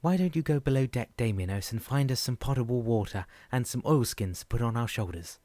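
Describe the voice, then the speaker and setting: A man's voice: mid-range voice, lively intonation, a little fast, dark tone, no echo, close to an everyday voice. A man reading an audiobook, voicing a stern little wooden-faced male boatman who lectures and gives orders in a raised voice. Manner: lecturing, commanding.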